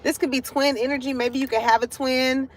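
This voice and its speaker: A woman with a slightly high voice reads tarot cards for her audience from a parking lot. She keeps it loose and conversational, peppering the reading with curses and frequent laughter. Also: steady tone, a little fast. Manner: chatty, profane, laughs often. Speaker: tarot card reader. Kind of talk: casual spiritual reading to viewers.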